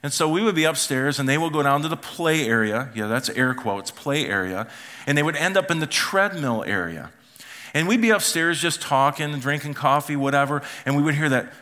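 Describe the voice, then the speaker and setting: A middle-aged pastor preaches in a church auditorium with a fairly high, pushed, bright voice that is fairly quick and has lively intonation. He tells family stories and acts out the voices of his relatives.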